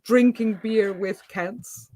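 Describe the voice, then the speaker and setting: A woman's voice: medium pitch, slow, dry recording. A woman from Germany with a German accent, hosting a casual video call chat and telling stories with lots of laughter. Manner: animated storyteller, laughs often. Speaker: YouTuber host.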